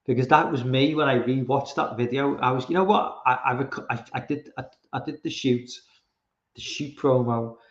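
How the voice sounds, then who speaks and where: This non-American man speaks at an ordinary speed with a medium-pitched voice, hosting a laid-back podcast livestream. Reading chat aloud, he wanders off topic, curses, and keeps starting over. The audio has a roomy, somewhat dull quality.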